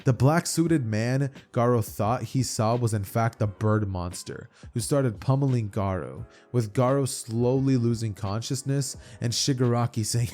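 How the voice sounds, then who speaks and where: A man's voice: medium pitch, unhurried, few pauses, a little mellow. A man telling an imagined fan story in a loose, run-on way, often restarting his phrases. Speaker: narrator. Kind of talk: casual fan-fiction storytelling.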